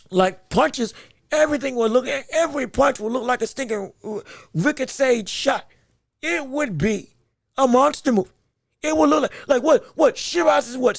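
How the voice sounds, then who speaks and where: A man hosting a podcast, in an animated, exaggerated sports rant that swings between playful fury and laughter, often stumbling over his words. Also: very high voice, creaky, dry recording, clean studio sound. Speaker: podcast host.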